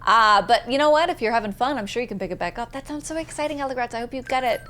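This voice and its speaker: A woman's voice: on the high side, expressive, very fast, fairly bright tone, soft background music. A woman from the American Southeast, chatting casually and enthusiastically with viewers while streaming a game. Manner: chatty, bubbly, reads chat messages aloud and answers viewers. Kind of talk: casual live-stream chat while gaming.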